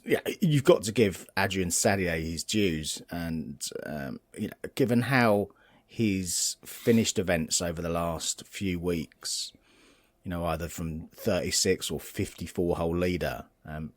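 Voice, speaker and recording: A man with a very low voice, recorded dry and close with no room sound, co-hosts a golf betting podcast. He talks through a winning pick slowly and easily, stopping often on fillers. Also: dry recording. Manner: relaxed, halting recap full of fillers. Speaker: podcast co-host, tipster.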